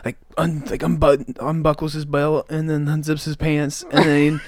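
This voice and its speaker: A young man co-hosting a podcast retells a story in a rambling, casual way, saying "like" constantly. His voice is fairly high with little pitch movement, he speaks at a moderate pace, and the recording has no echo.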